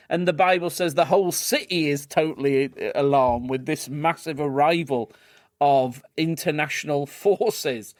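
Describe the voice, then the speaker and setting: A man co-hosting a casual discussion podcast, reading passages aloud in a lively way. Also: a little high, normal speed, no echo, clean studio sound. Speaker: podcast co-host.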